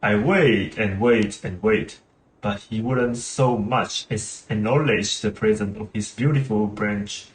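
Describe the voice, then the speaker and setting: A man's voice: fairly low pitch, takes it slowly. A man reading aloud the lines of a vain, needy female fairy, plainly and with small slips. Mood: sulky. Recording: roomy room with game music.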